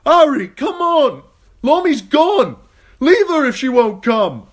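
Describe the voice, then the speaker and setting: A man voicing a panicky young boy, a baker's apprentice, yelling in fear during a fire. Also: very high-pitched, big pitch swings, slow pace, voice pushed up, full character voice. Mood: panicked yelling.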